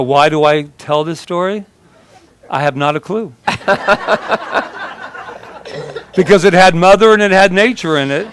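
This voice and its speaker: A man's voice: fairly high pitch, dry recording. A man preaching a conversational sermon at a church service, telling stories in a chatty, joking way and laughing as he talks. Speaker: minister.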